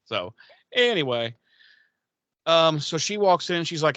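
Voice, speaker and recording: A man's voice: mid-range voice, very animated, moderate pace, a bit bright, dry recording, dull audio. A man casually recapping a TV episode on a podcast, rambling, swearing and acting out the characters' lines. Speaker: podcast co-host.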